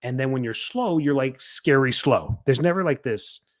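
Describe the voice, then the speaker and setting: A man hosting a coaching show for chiropractors, talking in a casual, energetic way and acting out what people might say. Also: medium pitch, moderate pace. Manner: energetic and chatty, acts out quoted lines. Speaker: podcast host coaching chiropractors.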